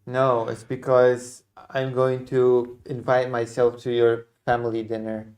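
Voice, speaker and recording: A man's voice: medium pitch, completely flat delivery, unhurried, darkish tone. A man hosting a casual chat on a video call, easygoing, with short replies and jokes. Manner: easygoing, brief interjections.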